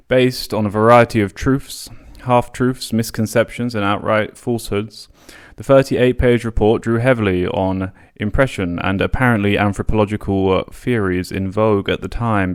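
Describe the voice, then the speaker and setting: A man's voice: lowish voice, normal speed, clear, resonant tone. A man hosting a podcast, reading and paraphrasing a history book aloud, with casual asides and the odd stumble over a word. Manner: reads long quotes with casual spoken asides; occasional stumbles and restarts on words. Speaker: podcast host.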